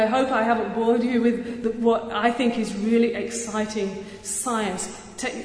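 A woman giving an earnest, energetic public talk as a surgeon, with touches of self-deprecating humor. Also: on the high side. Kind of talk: public speech. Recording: echoey hall with long reverb.

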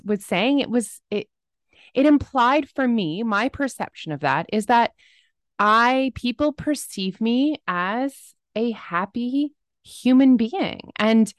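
A woman's voice: on the high side, animated, measured pace, no room sound. Chatty woman podcast host, dry sound. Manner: emotional, chatty, fluctuating energy. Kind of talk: solo podcast talk.

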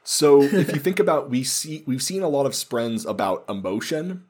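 A man hosting a casual book discussion podcast, explaining things in a relaxed way and laughing easily. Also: mid-range voice, moderate pace, slightly rough.

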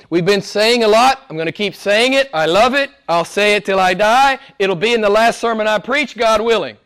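A man preaching a sermon as pastor, moving between hushed, almost whispered lines and loud, emphatic passages. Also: high voice, normal speed, hardly any pauses, smooth.

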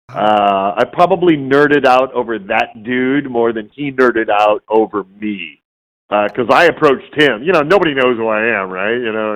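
A man speaking as a guest in a relaxed interview, his voice sitting at an ordinary middle pitch. He tells his stories with lively energy and slips into exaggerated voices for the people he quotes. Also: highs cut off. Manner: animated storyteller who acts out quoted voices. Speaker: voice actor guest. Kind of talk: casual interview storytelling.

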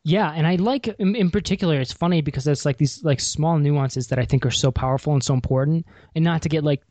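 A man's voice: a little high, fast, darkish tone, no echo. A man hosting a podcast in a casual chat, rambling and restarting with many fillers. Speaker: podcast host.

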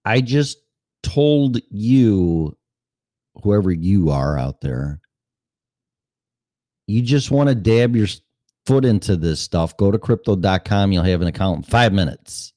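A podcast host in his fifties delivers a casual monologue in a fairly low, dark voice, animated yet slow with long pauses, talking in a rambling, profane, blunt way. The sound is clean studio audio with no room sound.

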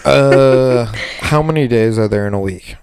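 A man's voice: a little slow, a little mellow, slight background noise. A man co-hosting a podcast, venting about bartending with lots of swearing and mimicking customers. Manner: profane venting, mimics customers in high voices. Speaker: podcast co-host. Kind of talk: casual chat.

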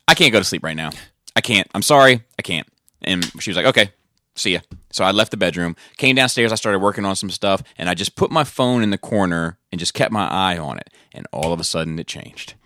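A man with a low, bright voice tells an animated story in casual chat. He swears offhandedly as he goes. His voice is recorded dry and close. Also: no room sound. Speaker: podcast co-host.

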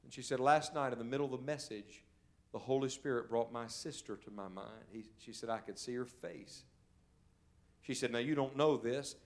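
A male evangelist preaching a sermon in a church service, telling stories and swinging from loud, urgent calls to quiet, hushed moments. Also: mid-range voice, moderate pace. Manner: storytelling preacher, swells loud then drops to a hush.

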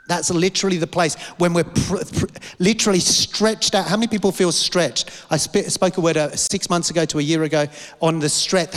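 A man's voice: on the high side, long reverb tail. A man preaching a sermon with passion, repeating lines and asking rhetorical questions. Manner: impassioned, repetitive, rhetorical questions.

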